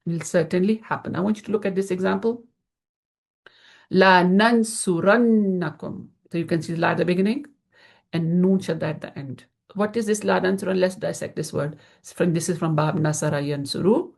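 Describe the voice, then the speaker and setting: Low, gravelly-voiced woman teaching grammar. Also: steady tone, quick pace, mellow. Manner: patient, repeats key terms for emphasis. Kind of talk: slide-based online lesson.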